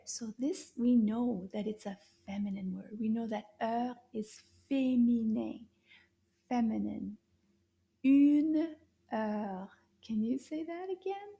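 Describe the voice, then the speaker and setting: A woman teaching French to children, speaking slowly and drawing out each word, praising often. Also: fairly high pitch, vocal fry, dark tone. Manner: slow, drawn-out repetitions of French words with frequent praise. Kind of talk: slow, encouraging kids' language lesson.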